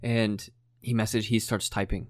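A man, a streamer, casually telling a story on a podcast, animated, acting out quotes with lots of "like" and some swearing. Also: on the low side, moderate pace, no room sound, clean studio sound.

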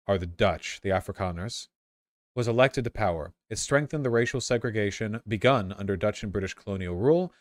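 A man's voice: on the low side, dry recording, studio quality. A man reading a history text aloud and breaking off into casual, sarcastic asides, often stumbling and repeating words.

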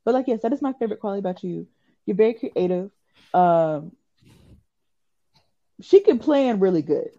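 Woman in her twenties, podcast co-host, husky and bouncy, a bit high, dull lo-fi sound. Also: normal speed, long pauses. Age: 20s. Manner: animated, giggly storytelling. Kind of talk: casual chat.

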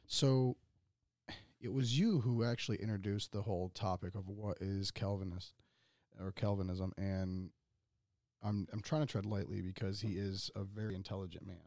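A man with a low, gravelly voice speaks as a guest on a casual podcast. He talks earnestly and carefully, pausing often with ums. The recording is dry and close. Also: steady tone, a little mellow, dry recording.

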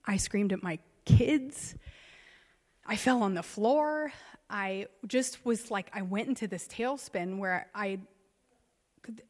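A woman's voice: mid-range voice, slow, a little mellow. A woman in her thirties, a pastor, telling a personal story in a sermon with emotional swings. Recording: long reverb of a large hall.

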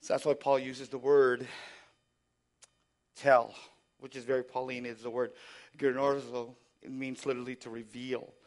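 A man preaching a sermon, moving between quiet, reflective passages and loud, impassioned exhortation, often asking the congregation to respond. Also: mid-range voice, little pitch movement, a little slow, long pauses. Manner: asks the congregation for call-and-response. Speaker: pastor.

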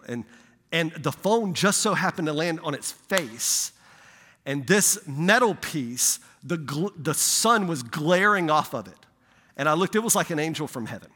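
A man preaching as a pastor, telling a lively personal story in a sermon, growing loud and excited. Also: high-pitched, big-room sound. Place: church sanctuary.

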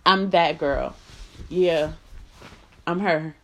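Low-pitched woman ranting, blunt and sweary, keeps repeating herself for emphasis. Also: steady tone, very slow. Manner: blunt, profane, emphatic repetition. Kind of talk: impassioned monologue.

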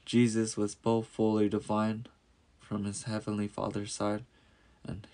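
A man reads a storybook tale aloud in a steady, measured way. His voice sits low and has a gravelly, creaky texture. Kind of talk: scripted storybook narration.

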